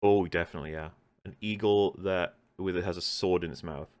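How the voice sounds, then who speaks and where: A man hosting a reaction commentary, talking in a deadpan, mock-earnest sarcastic way. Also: low voice, a little fast, no room sound. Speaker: host.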